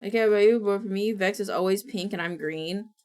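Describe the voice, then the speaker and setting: A woman's voice: mid-range voice, fairly quick, darkish tone. A young woman streamer chatting casually, rambling and apologetic with lots of filler words. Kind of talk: casual live-stream chat.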